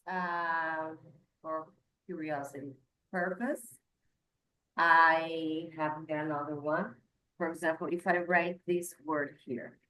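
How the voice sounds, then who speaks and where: A woman English teacher talks slowly and patiently through grammar points, moving between English and Portuguese. Her voice sits a little low. The sound is roomy with a clear echo. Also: fairly bright tone. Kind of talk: online English class.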